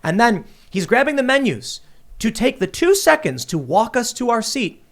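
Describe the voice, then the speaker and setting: A man's voice: very high-pitched, moderate pace. A man co-hosting a political podcast in a studio, telling a story in a heated rant and acting out the back-and-forth. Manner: animated, ranting storyteller who acts out exchanges. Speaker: co-host. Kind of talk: heated political panel talk.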